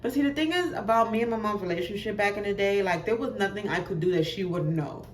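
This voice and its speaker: A young woman telling a casual storytime, animated and laughing, acting out voices in quotes. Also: mid-range voice, quick pace, echoey room, slight background noise. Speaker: vlogger.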